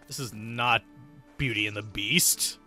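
A man's voice: lowish voice, unhurried, bright, forceful tone, faint music behind. A man streaming a video game playthrough, reading the dialogue aloud and cracking jokes in a playful way.

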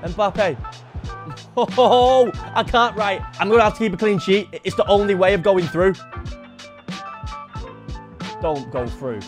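A young man narrates his gaming session in a fairly high voice, muttering his plans to himself and then erupting in excited shouts. Faint music plays underneath his commentary. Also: normal speed, pauses often. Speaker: gaming YouTuber. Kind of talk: live gameplay commentary.

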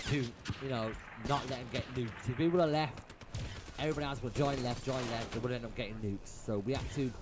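A man's voice: medium pitch, background noise. A young man giving exasperated, swearing commentary over his own match replay. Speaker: gaming YouTuber. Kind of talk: profane gameplay commentary rant. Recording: game gunfire loud behind voice. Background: game gunfire and shots.

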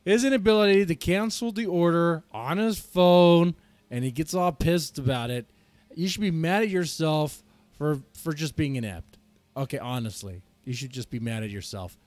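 A man's voice: a little high, moderate pace, a little mellow, no echo. A male streamer giving mocking, sarcastic commentary over a clip.

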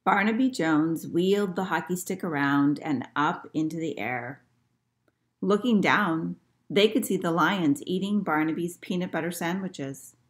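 A woman librarian reading a picture book aloud to children in an expressive storytelling manner. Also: on the low side, measured pace.

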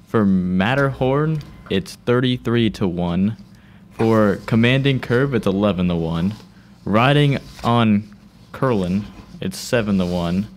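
A lower-pitched male co-host on a studio sports radio show. He reads betting odds and drops fast, dry wisecracks, with a faint hum of room noise behind him. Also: lively intonation. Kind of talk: casual sports radio chat.

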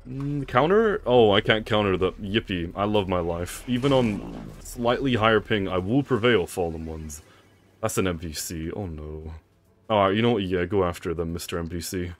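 A man's voice: on the low side, normal speed. A young man, commentating a live game stream, teasing chat and laughing often. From England. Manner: playful trash talk, laughs a lot, reads chat aloud.

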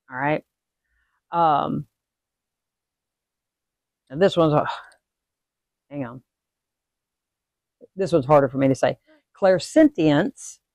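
A woman's voice: lowish voice, no room sound. A woman hosting a witchcraft lesson, talking casually and checking in with "okay?" and "all right?" after nearly every point. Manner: animated when acting out sudden emotions. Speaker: host teaching witchcraft. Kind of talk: casual instructional talk.

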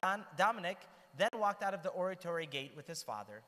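A man telling the lives of saints to a church group in an animated storytelling manner, with asides to his listeners. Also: high voice, fairly quick. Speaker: church speaker. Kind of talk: storytelling talk to a youth group. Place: church hall. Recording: long hall reverb.

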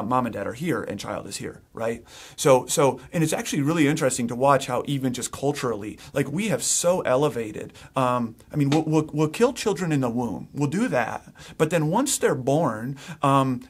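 A man's voice: mid-range voice, breathy edge. A middle-aged man, a pastor, preaching a sermon in a casual, conversational way, often restarting his sentences and acting out what parents say.

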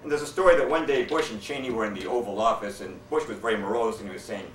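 A man's voice: fairly low pitch, quick pace, hardly any pauses, a little hiss or hum. A man tells political jokes at an event in a folksy way, chuckling at his own punchlines. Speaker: speaker at a political society event. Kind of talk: stand-up joke telling. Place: event hall, indoors. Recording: roomy hall, mic at a distance.

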